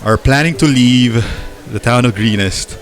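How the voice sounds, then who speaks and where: A man's voice: mid-range voice, lightly acted. A man doing a breathless governor. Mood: flustered. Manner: panting, halting, friendly. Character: breathless middle-aged male town governor, earnest.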